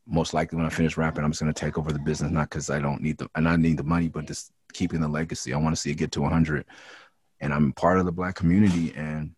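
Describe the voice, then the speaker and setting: A man who raps, from the Los Angeles area, talking frankly and with a lot of swearing in a casual interview, and getting louder when he is heated. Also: rumbling low, husky, no echo, studio quality. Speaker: rapper and interview guest. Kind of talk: candid casual interview talk.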